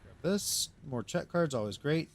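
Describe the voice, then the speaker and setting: A man's voice: fairly high pitch, animated, a little slow, slight background noise. Rambling male game streamer. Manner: rambling, talks to himself and chat. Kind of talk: live gameplay commentary.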